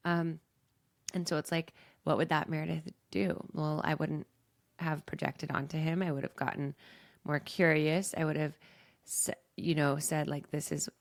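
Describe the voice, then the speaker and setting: Low, gravelly-voiced woman sharing candidly. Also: dry recording, clean studio sound. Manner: candid and self-reflective. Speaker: podcast host and coach. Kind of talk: reflective personal monologue.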